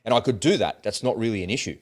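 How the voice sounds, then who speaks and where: A man's voice: lowish voice, racing. Blunt man telling a story. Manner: blunt, animated storytelling with swearing. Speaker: host of political commentary channel. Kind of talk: casual opinionated monologue.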